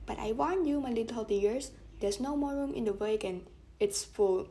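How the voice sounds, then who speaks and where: A man's voice: extremely high pitch, normal speed, mellow. A woman reading the part of a wheedling little fat male coachman, sugary and coaxing.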